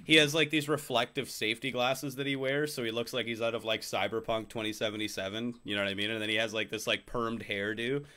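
A young man co-hosting a podcast, telling crude, animated stories and mocking people with put-on voices. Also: medium pitch, fast talker, few pauses. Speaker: podcast co-host. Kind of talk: casual chat.

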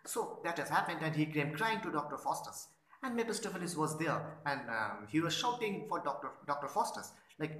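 A male literature teacher talks through a play scene by scene, putting each line into plain everyday words. His voice sits a little high, and the room gives it a noticeable echo. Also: big pitch swings, a little fast, pushed and bright. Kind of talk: explanatory lecture. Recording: roomy echo.

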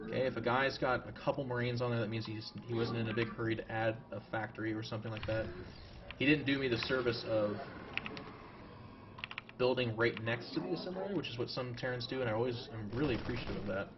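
A man casually commentating his own strategy game match live, chatty and self-mocking with jokey asides. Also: medium pitch. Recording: distant, dull lo-fi mic with loud music. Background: loud background music and keyboard typing.

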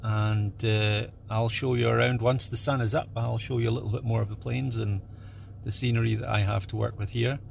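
A man with a gravelly, creaky voice talks through his photography in a relaxed, chatty way, with plenty of "um"s and "uh"s. He is outdoors on a breezy airfield at dawn, and faint ambient noise sits under his voice. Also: medium pitch, moderate pace. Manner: relaxed, chatty, with many fillers. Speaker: landscape photographer. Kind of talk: casual instructional vlog.

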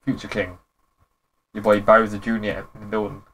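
A young man giving casual, rambling commentary as a gaming YouTuber, with relaxed, slangy reactions. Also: on the low side, moderate pace.

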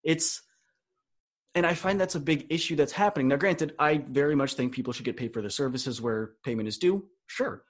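A man's voice: medium pitch, brisk. A young man guesting on a podcast interview, a coach telling stories and acting out quoted dialogue with energy. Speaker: student speaker and coach.

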